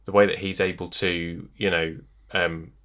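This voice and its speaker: Low voiced guy, bright edge, hesitant, lots of ums. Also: little pitch movement, unhurried. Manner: hesitant, many fillers. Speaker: podcast co-host. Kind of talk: casual film discussion.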